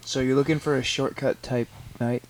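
A man of middle pitch chatting casually among friends. He speaks in an easygoing way with gentle teasing. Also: steady tone, moderate pace, crowd noise. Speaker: friend in the conversation. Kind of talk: casual chat.

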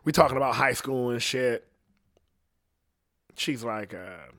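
A young man telling a story on a podcast, swearing freely and acting out the parts. His voice sits at an ordinary middle pitch. The sound is dry and close, with no room echo. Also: a little slow, long pauses. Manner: profane, animated storyteller. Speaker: podcast host.

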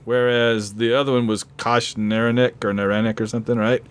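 A man's voice: mid-range voice, flat delivery, fairly quick, clear, resonant tone. A man co-hosting a casual podcast chat, a chatty fan who laughs often and is losing his voice. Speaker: podcast co-host.

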